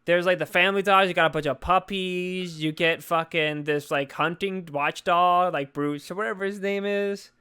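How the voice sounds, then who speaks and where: A man's voice: high-pitched, fairly even intonation, normal speed, hardly any pauses, sharp tone, clean tone. A young man co-hosting a casual movie review podcast, rambling and joking with lots of profanity. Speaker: podcast co-host.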